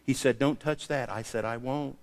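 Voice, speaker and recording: A man preaching a sermon, telling a personal story and acting out the dialogue with lively variation. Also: mid-range voice, normal speed. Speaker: pastor. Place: church sanctuary. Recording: long hall reverb.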